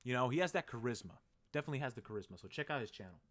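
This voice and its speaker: Excitable young man rambling on a live stream. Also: medium pitch, rapid-fire. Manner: excitable, rambling, swears freely. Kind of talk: casual live-stream chat.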